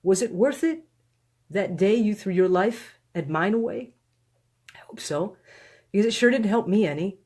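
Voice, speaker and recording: A woman reads aloud from her own book, her voice sitting at an ordinary middle pitch. She sounds earnest and pleading, weighing each phrase slowly and deliberately. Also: animated, a little mellow, husky. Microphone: phone or webcam on a live stream.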